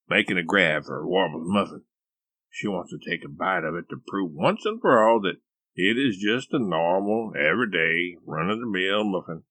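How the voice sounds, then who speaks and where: A man narrating a comic story he wrote, wry and expressive in his storytelling. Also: sits low, dry recording. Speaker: author reading his book.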